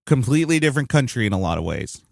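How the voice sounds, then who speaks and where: Animated rambling man, dry close sound. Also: medium pitch, racing, vocal fry, no room sound. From United States. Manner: rambling, hedging, lively and swearing. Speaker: podcast co-host. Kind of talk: casual chat.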